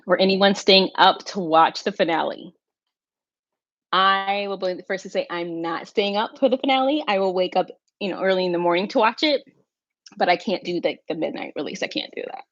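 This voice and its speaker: A woman's voice: mid-range voice, fairly quick, a bit bright, no room sound, muffled recording. A woman hosting a casual livestream, chatting with viewers and thinking aloud with fillers and little asides. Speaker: livestream host.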